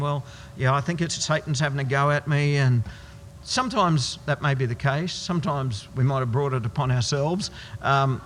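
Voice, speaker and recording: A man preaching a sermon as pastor, emphatic and slowing down hard on key words, in a church hall. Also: on the high side, fairly bright tone, slight background noise.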